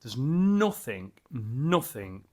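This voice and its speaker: A man's voice: mid-range voice, big pitch swings, very slow, warm tone. A man casually reviewing a beer as he tastes it, enthusiastic and rambling, with lots of fillers and restarts.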